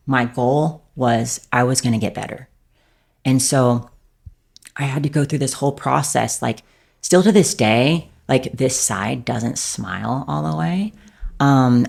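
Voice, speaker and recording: A woman with a very deep, darkish, slightly rough voice and vocal fry appears as a podcast guest. She tells a personal story candidly and rambles, packing every phrase with "like."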